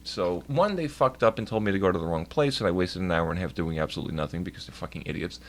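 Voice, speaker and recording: Low-voiced young man ranting profanely. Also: animated, fast. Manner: profane, complaining, storytelling. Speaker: live streamer. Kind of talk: casual rambling rant to a stream chat. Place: at home by his computer.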